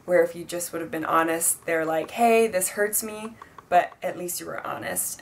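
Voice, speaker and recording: A woman's voice: lowish voice, gravelly, slight background noise. A twenty-year-old woman giving casual life advice in a chatty vlog, full of fillers and acted-out quotes. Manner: chatty, filler-heavy, acts out quoted dialogue. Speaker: vlogger.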